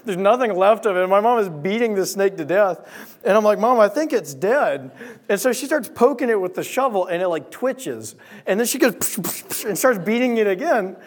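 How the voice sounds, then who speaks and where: Animated preacher man, higher voice. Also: brisk. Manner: animated storyteller, acts out voices and sound effects. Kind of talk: sermon storytelling.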